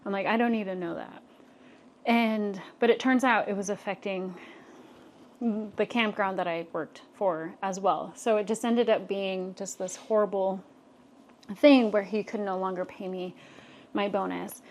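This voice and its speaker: Telling a personal story on the podcast she co-hosts, a young adult woman sounds casual and animated, full of fillers. She speaks in a mid-range voice without hurrying.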